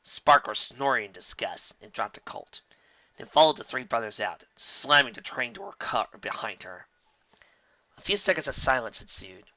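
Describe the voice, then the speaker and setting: A man narrating a fan fiction story as an audiobook reader, in steady storytelling. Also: mid-range voice, moderate pace, no room sound. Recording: dull lo-fi dry recording.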